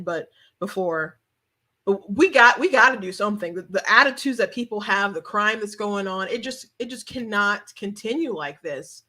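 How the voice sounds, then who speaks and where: A woman's voice: mid-range voice, sharp tone. A woman hosting a commentary show, speaking emphatically and repeating points for stress, with frequent restarts. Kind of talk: opinionated news commentary.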